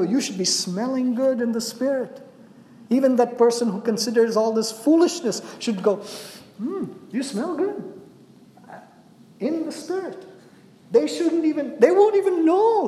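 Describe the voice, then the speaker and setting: A man with a high voice preaches a sermon in a roomy hall, and his words ring out with a long tail of reverb. He talks to the congregation in a conversational way and keeps checking in with "right?", sinking to a hush on his quiet asides. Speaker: pastor. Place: church hall. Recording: echoey hall, voice from a distance.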